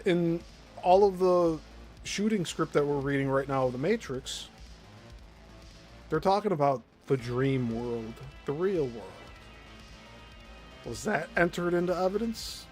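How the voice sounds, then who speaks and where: A man's voice: fairly high pitch, expressive, unhurried, long pauses, darkish tone, soft background music. A man with a Midwestern accent giving blunt, opinionated commentary, with some swearing. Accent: Midwestern American. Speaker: commentary host.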